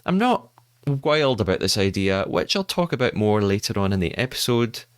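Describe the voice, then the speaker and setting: A man's voice: on the low side, very animated, normal speed, clear, resonant tone, no echo, clean studio sound. A man from the UK hosting a podcast, narrating news and chatting with a guest with upbeat, playful emphasis. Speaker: podcast host. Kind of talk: podcast narration and casual chat.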